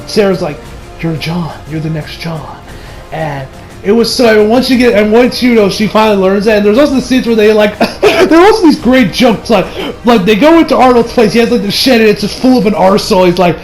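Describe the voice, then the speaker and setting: A man casually reviewing a film on his channel, excitable and rambling, swearing freely and laughing often. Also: sits high, a little fast, faint music behind, low-quality recording. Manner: rambling with many restarts and fillers. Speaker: movie reviewer.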